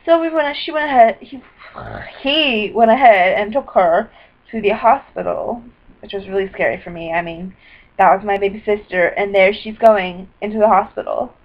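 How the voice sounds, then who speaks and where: A woman talking into her computer's webcam in a rambling video diary, scattered and apologetic, with bursts of excitement. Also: medium pitch, normal speed. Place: indoors at a computer. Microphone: built-in computer webcam mic. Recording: dull lo-fi webcam audio.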